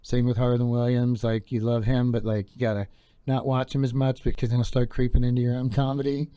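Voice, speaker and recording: A young man hosting his own podcast, wandering from thought to thought in a relaxed, filler-heavy ramble. His voice is mellow and smooth, and the sound is dry and close. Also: medium pitch, brisk, no room sound. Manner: laid-back, meandering, full of fillers. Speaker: podcast host. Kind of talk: rambling casual monologue.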